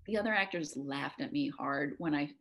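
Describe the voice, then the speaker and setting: Chatty woman actor, slightly low voice. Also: moderate pace, vocal fry, fairly bright tone. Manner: chatty, self-deprecating, laughs often. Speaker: actor, interview guest. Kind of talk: casual conversation.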